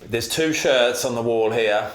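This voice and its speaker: A man's voice: mid-range voice, unhurried. Man hosting, roomy sound. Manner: friendly banter, British slang. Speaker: host. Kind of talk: casual chat.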